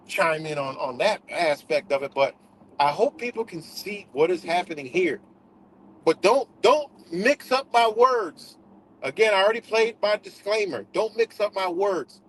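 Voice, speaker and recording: A man's voice: a little high, a little hiss or hum, poor audio. A man hosting a livestream in a casual, profane rant, repeating himself for emphasis. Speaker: livestream host.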